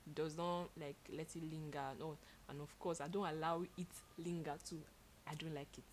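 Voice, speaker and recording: A young woman telling stories in a casual chat with her partner, expressive and animated, laughing as she goes. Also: deep voice, fairly quick, a little hiss or hum. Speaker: co-host.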